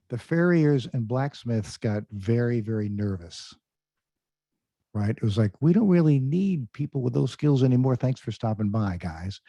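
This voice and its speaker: A man's voice: mid-range voice, dark tone, dry recording. A man giving an online presentation in a conversational tone, full of fillers, quizzing his audience over a video call. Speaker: career speaker. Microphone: computer mic on a video call. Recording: dull lo-fi video call audio.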